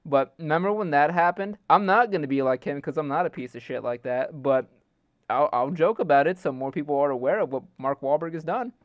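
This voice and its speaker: A man's voice: a little high, brisk, no echo, lo-fi sound. A young man streaming live, ranting in an exasperated, joking way and swearing heavily while his setup fails. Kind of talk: casual live-stream rant.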